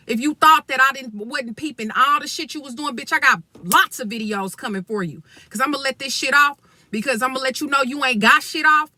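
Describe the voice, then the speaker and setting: A woman's voice: sits high, sharp tone, no room sound. A young adult woman venting in an angry storytime vlog, blunt and profane, talking straight to her viewers. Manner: blunt, profane and heated, addresses viewers as y'all. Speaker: vlogger.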